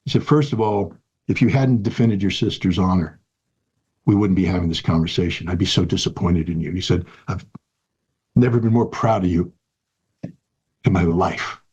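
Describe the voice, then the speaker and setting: A man's voice: low-pitched, normal speed, pauses often, darkish tone, breathy edge, highs cut off. A man in his sixties in an interview, telling a personal story in an earnest, emphatic way and repeating key phrases. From United States. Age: 60s. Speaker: guest.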